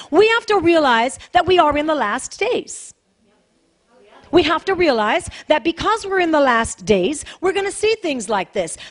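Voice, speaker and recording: A woman pastor delivers a sermon to her congregation in a notably high voice. She talks in an easy, conversational way but leans hard on each point, repeating key phrases again and again. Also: fairly bright tone. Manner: emphatic and repetitive, conversational preaching.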